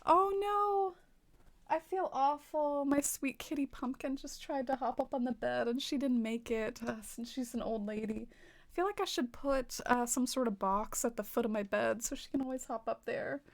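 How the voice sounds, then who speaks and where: A woman's voice: a little high, moderate pace, gravelly, darkish tone. A woman from the American South with a light twang, chatting casually on a game stream, reading viewer comments and giggling often between filler-heavy sentences.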